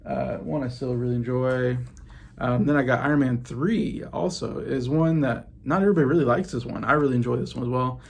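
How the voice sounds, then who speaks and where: A man's voice: mid-range voice, fairly quick, vocal fry, slightly rough. A man in his late thirties hosting a casual video vlog from his basement, chatty and meandering as he shows off his movie collection. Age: late 30s. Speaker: YouTube host. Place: home basement.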